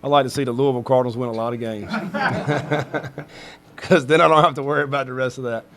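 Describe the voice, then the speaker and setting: A man's voice: mid-range voice, brisk, fairly bright tone. A middle-aged man, a head football coach, answering questions at a press conference in a rambling way full of fillers.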